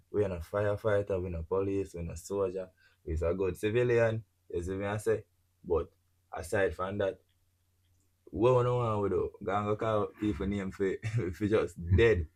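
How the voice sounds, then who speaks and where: A man's voice: low voice, fairly even intonation, moderate pace, darkish tone. A man with a Jamaican accent from Jamaica, hosting a podcast in casual chat, blunt and swearing freely, often checking "you see me?". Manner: keeps asking "you see me I say?". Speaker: podcast host.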